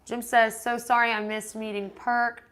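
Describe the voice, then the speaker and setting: A woman's voice: fairly high pitch, level tone, moderate pace, a bit bright. A woman hosting a casual live-stream Q&A, reading viewer comments aloud and answering them in a rambling, chatty way. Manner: rambling with frequent restarts.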